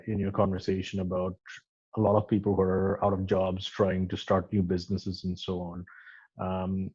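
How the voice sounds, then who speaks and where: A man hosting a casual interview, reading off quick questions and hesitating often between phrases. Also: deep voice, dark tone, husky, muffled recording. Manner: hesitant, many fillers and restarts. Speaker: interview host.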